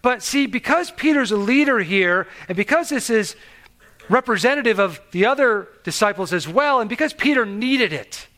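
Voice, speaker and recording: A man's voice: extremely high pitch, animated, normal speed, sharp tone. A man preaching a sermon in an earnest, conversational way, asking the listeners questions and restarting his sentences. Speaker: pastor.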